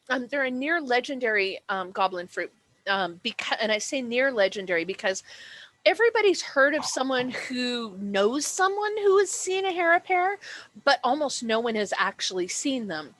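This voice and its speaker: A woman's voice: mid-range voice, fairly bright tone, dry recording. A woman acting as game master, explaining dice rules and describing the setting in a chatty way, with many fillers and self-corrections.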